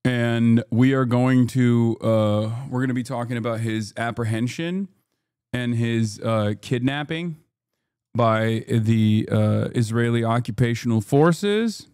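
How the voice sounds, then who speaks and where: Male livestream host, profane ranting commentary, medium pitch, dead dry sound. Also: takes it slowly, darkish tone, clear, resonant tone, dry recording.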